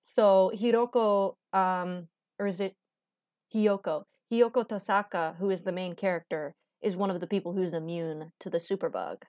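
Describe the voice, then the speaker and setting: A woman's voice: fairly low pitch, steady tone, normal speed, darkish tone, dry recording. A woman streamer giving casual, rambling gameplay commentary in a chatty, giggly way.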